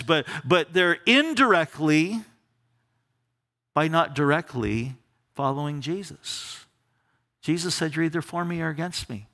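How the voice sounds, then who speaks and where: A male pastor teaching a verse-by-verse Bible study in church, animated and often repeating words as he starts a thought. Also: fairly high pitch. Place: church during a live service.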